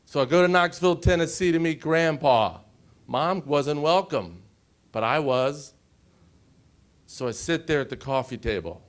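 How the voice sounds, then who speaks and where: A man in his forties from the United States, giving an emotional personal story on a conference panel and often pausing to check in with the audience. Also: on the high side, animated. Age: 40s. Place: conference stage.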